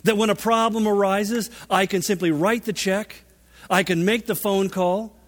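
A man preaching a sermon, animated and emphatic, with dramatic shifts in volume. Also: high-pitched, normal speed. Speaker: pastor. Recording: long reverb of a large hall.

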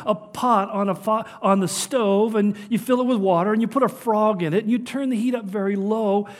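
An older man from Southern California giving an earnest, emphatic sermon, his delivery rising and falling. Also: high-pitched. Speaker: preacher. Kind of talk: sermon on prophecy.

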